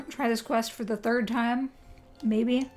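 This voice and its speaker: Young woman streamer talking to herself while she plays, bit of a high voice. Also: steady tone, slow, a little mellow, soft background music. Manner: chatty, talks to herself while playing. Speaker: streamer playing a video game. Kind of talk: live-stream gameplay commentary.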